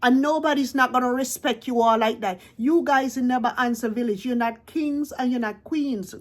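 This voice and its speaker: A woman with a high voice. She scolds in a confrontational vlog rant and keeps hammering the same points. She sounds blunt and accusing. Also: normal speed. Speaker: reaction vlogger. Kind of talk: ranting reaction commentary.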